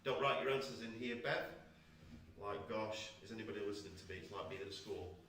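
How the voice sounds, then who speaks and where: A man's voice: on the low side, fast, fairly bright tone. A man, a church pastor, hosting a quiz in a casual, jokey, teasing way during an online church chat. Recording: echoey room, voice picked up from a distance.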